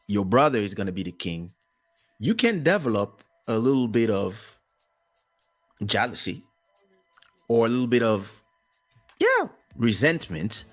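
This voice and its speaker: A man whose first language is French, a podcast co-host in casual chat, telling stories animatedly and acting out other people's lines. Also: mid-range voice. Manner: animated storyteller who acts out other people's voices.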